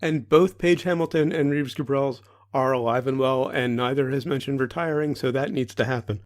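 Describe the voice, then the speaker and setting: A man's voice: mid-range voice, moderate pace. A man co-hosting a podcast, chatting casually with dry, wry remarks and short agreeing replies. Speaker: podcast co-host.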